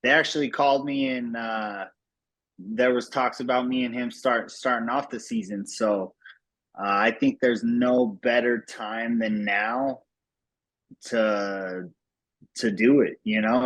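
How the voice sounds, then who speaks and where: A man's voice: mid-range voice, fairly even intonation, takes it slowly, fairly bright tone, no room sound, poor audio. Laid-back slangy fighter man. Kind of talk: casual press call talk.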